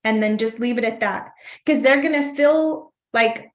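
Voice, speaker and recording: A woman's voice: fairly high pitch, unhurried. A woman organizing an event in a casual planning meeting, chatty, acting out sample invitations as she talks. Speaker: event organizer sharing tips.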